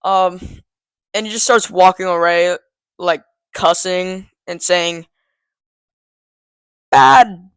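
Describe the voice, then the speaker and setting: A man's voice: sits high, slow pace, long pauses, a bit bright, clean tone, no room sound. A teenage boy casually telling a story to the camera, rambling with lots of "um" and "like" and laughing at himself. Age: teens.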